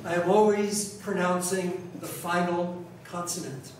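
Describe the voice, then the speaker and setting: A pronunciation teacher from New York City gives a conference talk in a large, echoey hall, his high, slightly mellow voice delivered flatly. He speaks conversationally, repeating himself and restarting, and deliberately raises his volume. The distant mic picks up faint noise.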